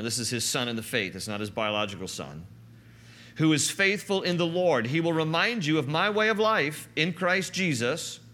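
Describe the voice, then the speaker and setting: Guy preaching a bible study, bright voice, kinda high, gets animated and chatty. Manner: animated, conversational Bible teaching. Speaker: pastor. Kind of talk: sermon.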